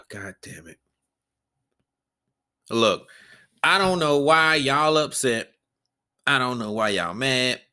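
A man hosts a solo podcast with no script, talking bluntly and with plenty of profanity. His voice is bright and forceful, and he keeps circling back over his own sentences. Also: mid-range voice, expressive, slow, long pauses. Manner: blunt, profane and rambling, with repeated restarts. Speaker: podcast host. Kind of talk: unscripted solo podcast rant.

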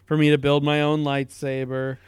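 A man's voice: fairly high pitch, monotone, normal speed, smooth, no room sound, studio quality. A man co-hosting a podcast in casual chat, joking and full of fillers. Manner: joking, filler-heavy, laughs at own lines. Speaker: podcast co-host.

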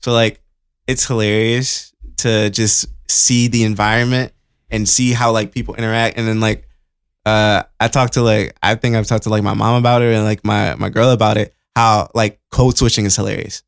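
A man's voice: lowish voice, little pitch movement, moderate pace, creaky, clear, resonant tone, no echo, clean studio sound. A man co-hosting a casual podcast, telling stories in a loose, profane way full of "like" fillers. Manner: laid-back storyteller, heavy on "like" and profanity. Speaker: podcast co-host. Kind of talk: casual chat.

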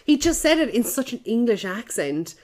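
Sweary, lively woman hosting a podcast. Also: on the high side, normal speed, soft background music. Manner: lively, sweary, laughs at her own jokes. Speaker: podcast host. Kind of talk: casual movie chat.

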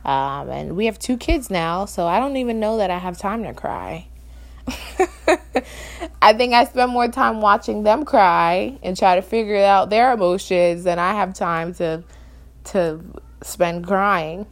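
A woman's voice: mid-range voice, a little slow. A woman in her thirties co-hosting a casual couple's podcast, talking candidly and reflectively, rambling with restarts. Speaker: podcast co-host.

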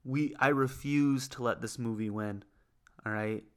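A young man hosting a podcast, in the middle of a solo comedic rant. He talks at a middle pitch and plays up his outrage. He stumbles through his points with plenty of filler words and restarts. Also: measured pace, fairly bright tone, smooth. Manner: mock-outraged, over-the-top comic indignation; rambling with many fillers and restarts. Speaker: podcast host.

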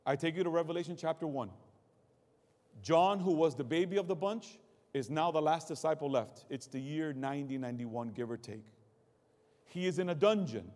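A male pastor preaching a dramatic sermon, dropping low and quiet and then rising loud, and mocking excuses in a put-on voice. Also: expressive, normal speed. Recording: long hall reverb.

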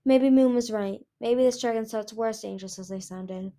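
A woman's voice: fairly high pitch, normal speed, mellow. A woman reading a fantasy novel aloud, hesitant, with frequent restarts. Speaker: audiobook reader.

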